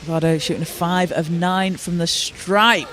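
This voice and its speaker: A male play-by-play commentator calls a basketball game live from courtside. His voice sits high for a man, and his delivery is steady and informative. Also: measured pace, crowd noise. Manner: steady, informative, with occasional restarts.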